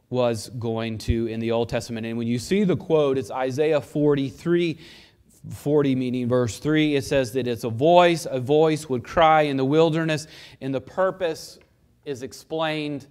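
A man giving an expository Bible teaching who asks questions and answers them himself, slowing down to stress key points and speeding through asides. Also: a little high, darkish tone, clean tone. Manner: explanatory, asks and answers his own questions. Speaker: pastor.

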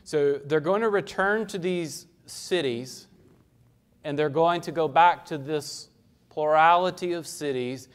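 A man's voice: a little high, unhurried, smooth. A male pastor preaching an expository sermon in a conversational way, asking the congregation questions and acting out voices.

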